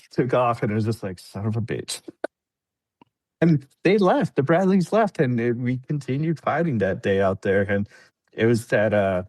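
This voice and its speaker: A veteran on a podcast recounts a long war story in easygoing chat, speaking a little slowly with no echo. Animated throughout, he performs other people's quotes in a raised, higher voice.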